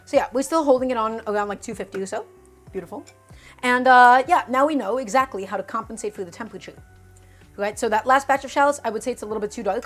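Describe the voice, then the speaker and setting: Brooklyn-accented woman streamer, R sounds don't land, higher voice, chatty with viewers, faint music underneath. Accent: Brooklyn New York. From Brooklyn, New York. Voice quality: cannot pronounce R sounds. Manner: chatty, talks directly to viewers. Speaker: cooking streamer. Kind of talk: casual live cooking stream, chatting with viewers.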